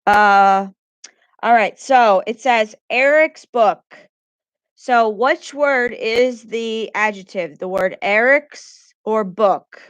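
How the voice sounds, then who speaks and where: A woman's voice: fairly high pitch, slow, clean tone, no echo, highs cut off. A woman teacher giving a grammar lesson to children, patiently repeating questions and praising answers.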